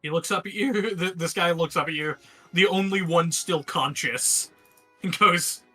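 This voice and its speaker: A man with a high, very bright voice that swings widely in pitch, narrating a tabletop game as its game master. He laughs often and swears freely. Faint music plays under the stream. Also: unhurried, slightly rough.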